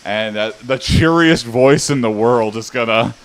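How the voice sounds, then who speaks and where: Male streamer, casual rambling chat, mid-pitched voice, laughs a lot. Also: unhurried, clean tone. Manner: rambling, laughs often, loose storytelling.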